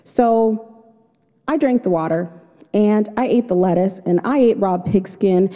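A woman's voice: medium pitch, unhurried, mellow. A woman telling a personal story live on stage, in a vivid, dramatic first-person way. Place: stage before an audience. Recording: long hall reverb.

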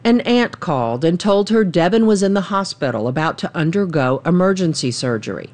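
A woman reporting a news story in a measured, even narration. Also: fairly low pitch.

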